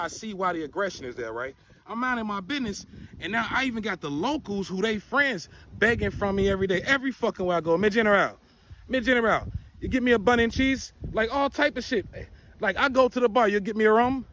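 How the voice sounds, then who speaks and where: A man telling a profane, animated personal story in casual storytime style. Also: extremely high pitch.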